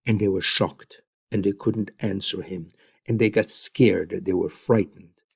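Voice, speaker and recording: A man retelling Bible stories in an informal, unhurried way, adding his own comments and Hebrew phrases, recorded on a close mic in a quiet room. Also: sits low, steady tone, creaky, husky, no room sound, lo-fi sound. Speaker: Bible teacher.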